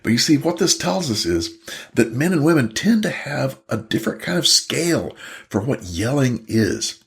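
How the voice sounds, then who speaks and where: A man's voice: mid-range voice, very animated, normal speed, creaky. An older man, a couples therapist, talking casually to the camera and acting out a couple's argument as he tells it. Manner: storytelling, acts out both partners' voices.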